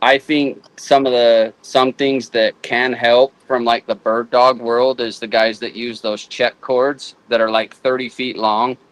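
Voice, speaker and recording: A guest houndsman talks casually in a flat, medium-pitched voice, often restarting and repeating words as he works out his thoughts haltingly. The recording is rough, with no room sound.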